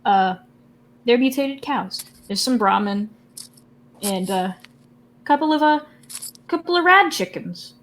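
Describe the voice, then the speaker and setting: A woman's voice: a little high, lively intonation, takes it slowly, long pauses, fairly bright tone. A woman narrating a tabletop game as game master, giggling often and talking loosely with many fillers.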